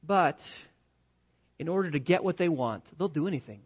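A man's voice: a little high, animated, moderate pace, husky, highs cut off. A male pastor preaching an expository sermon, emphatic and repetitive, often asking rhetorical questions.

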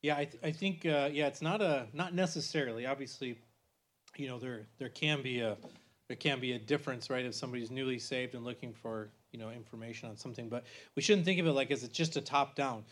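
A man's voice: mid-range voice, fairly bright tone. Guy in his 40s teaching church class, keeps saying right?, stumbles and restarts a lot. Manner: conversational, halting restarts, frequent "right?". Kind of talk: bible teaching.

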